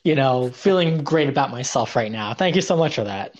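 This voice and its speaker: A man's voice: medium pitch, expressive, a little fast. A young man spins long casual stories as a podcast guest. He talks in a mid-range voice, rambling and self-deprecating, stumbling through restarts and filler words. He comes across as easygoing and chatty. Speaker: guest, indie wrestler. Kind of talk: casual storytelling interview.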